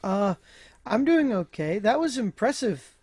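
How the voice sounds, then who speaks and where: A man playing in a tabletop game, relaxed and hesitant with fillers. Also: high-pitched, a little slow, slightly rough, dry recording. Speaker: player. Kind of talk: casual tabletop play.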